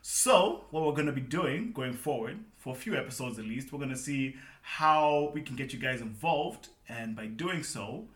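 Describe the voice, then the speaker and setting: A man from Zimbabwe co-hosting a casual podcast, energetic and upbeat, laughing often. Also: medium pitch, normal speed, hardly any pauses, reverberant. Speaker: podcast co-host.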